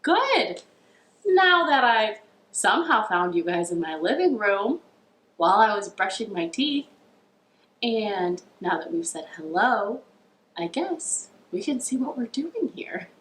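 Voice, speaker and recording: A young American woman, a children's librarian, leads storytime from her living room, singing and strumming a ukulele in a playful, self-deprecating way. Her medium-pitched voice is sing-song, slow, and fairly bright, and the home room sounds echoey.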